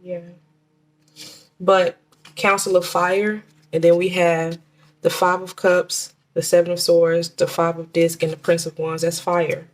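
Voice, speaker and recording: A woman giving a casual tarot reading, talking in a chatty, halting way with many restarts and fillers, and slowing down to name the cards. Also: fairly low pitch, flat delivery. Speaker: tarot reader.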